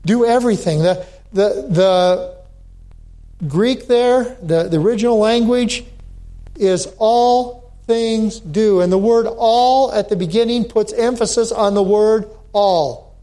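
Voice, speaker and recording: A man preaching a sermon as pastor, slow and deliberate, with emphatic repetitions. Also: high voice, mellow.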